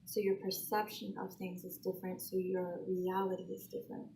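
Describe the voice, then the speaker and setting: A woman with a gravelly voice explains a spiritual idea in a calm, steady way. Faint noise sits behind her voice. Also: on the low side, a little fast, low-quality recording.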